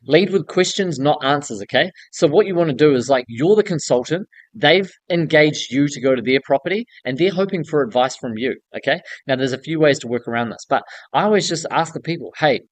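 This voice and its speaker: A building contractor coaches newcomers to the trade with casual, blunt business advice, often ending points with "okay?" to check in. His voice is a little high and animated, fairly quick with few pauses, and there's no room sound.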